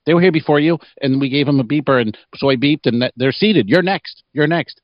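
A man's voice: medium pitch, animated, moderate pace, no room sound, lo-fi sound, pitched above the performer's own voice, lightly acted. A man voicing a scared nineteen-year-old hostess, nervous and apologetic.

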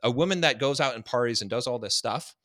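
A man's voice: mid-range voice, fast, a bit bright, no room sound, clean studio sound. A man giving a long, emphatic interview answer, lecturing with many repeated words. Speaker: guest.

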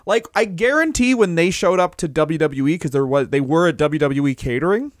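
A man's voice: a little high, expressive, fairly quick, no echo, clean studio sound. A man co-hosting a comedy podcast, riffing loosely and swearing often in casual chat. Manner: riffing, profane, jumps into mock voices. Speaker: podcast co-host.

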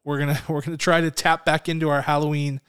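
A man's voice: fairly high pitch, little pitch movement, fast talker, a bit bright, clean tone. A man in his thirties co-hosting a podcast in casual chat, chatty and self-deprecating, laughing often. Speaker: podcast co-host.

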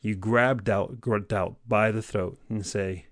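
A man hosting a motivational podcast, speaking intensely, alternating between loud exhortation and hushed, close delivery. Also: lowish voice, fairly even intonation, takes it slowly, no echo. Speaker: podcast host. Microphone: podcast microphone.

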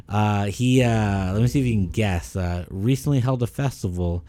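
A man with a lowish, mellow voice talks loosely on a podcast, rambling and cursing freely. The sound is dry and close, with no room around him. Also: moderate pace, dry recording. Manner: rambling, profane, animated when ranting. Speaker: podcast co-host. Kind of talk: casual chat.

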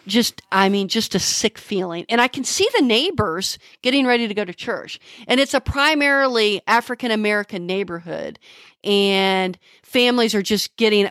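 A middle-aged woman, a homicide detective, telling the story of a case in an interview, halting and emotional, with many restarts. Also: mid-range voice, no echo, studio quality.

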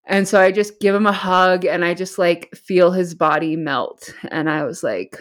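A woman's voice: on the low side, moderate pace, hardly any pauses. A woman guest who works supporting at-risk youth, telling a moving story in a heartfelt way with many fillers. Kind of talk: emotional storytelling.

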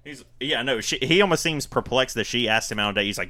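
A man with a bright, forceful voice recaps a horror movie for his friends, full of energy and quick to laugh. The sound is dry and close, with almost no room around it. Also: medium pitch, dry recording. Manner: animated storyteller, acts out quotes in silly voices, laughs often. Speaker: podcast co-host. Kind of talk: casual movie recap chat.

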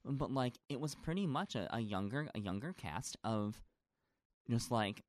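A man's voice: medium pitch, animated, measured pace, dry recording, studio quality. A man in a casual chat, a stage actor talking at length, gushing and rambling with lots of fillers.

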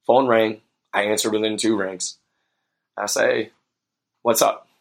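Earnest young man with a lowish voice. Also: steady tone, measured pace, creaky. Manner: earnest and reflective, with many fillers. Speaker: podcast host. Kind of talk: personal storytelling monologue.

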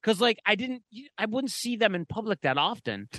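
A man's voice: high-pitched, big pitch swings, brisk, bright, forceful tone, dry recording. A man co-hosting a podcast, telling a casual, profane, rambling story full of "like" fillers. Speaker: podcast co-host.

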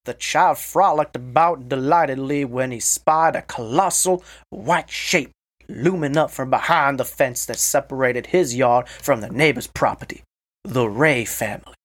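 A man on a casual podcast, telling a story with crude jokes and reading passages aloud slowly. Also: medium pitch.

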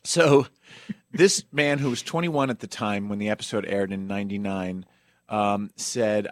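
Brief: chatty male podcast host, mid pitch, dry close mic. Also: unhurried, dry recording. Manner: chatty, with asides and fillers. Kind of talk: casual podcast storytelling.

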